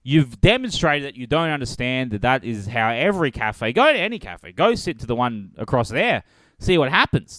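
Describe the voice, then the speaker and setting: A young man hosting a podcast, telling a story in a sarcastic, animated way and acting out both sides of an argument. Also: medium pitch, normal speed, no room sound. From Australia. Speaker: podcast host. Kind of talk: solo comedic storytelling.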